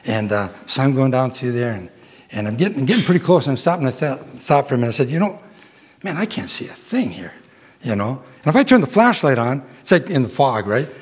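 A man's voice: mid-range voice, sing-song, fast talker. Folksy preacher man with a ranch tale. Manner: rambling storyteller, chuckles, addresses the congregation directly. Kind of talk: folksy sermon with a ranch story.

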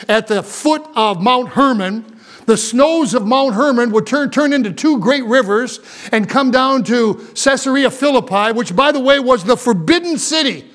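A man preaching a sermon to a morning congregation as pastor. He is animated and full of asides, repeats words and restarts his sentences. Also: high-pitched.

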